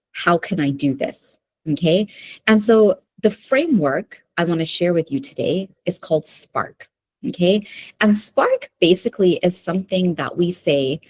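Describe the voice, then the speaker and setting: A woman's voice: on the low side, a little mellow. A woman presenting a live webinar workshop who keeps checking in with her listeners with "okay?" and "right?". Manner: talks to the audience with frequent "okay?" and "right?" checks. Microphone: video call.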